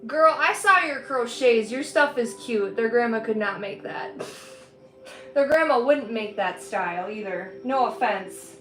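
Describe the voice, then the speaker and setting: Woman, streamer, casual chatty delivery with a high voice, in a roomy space with faint music underneath. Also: expressive, unhurried, a bit bright. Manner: chatty, rambling, laughs often. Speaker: livestreaming artist. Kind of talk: casual chat while painting. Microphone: streaming setup.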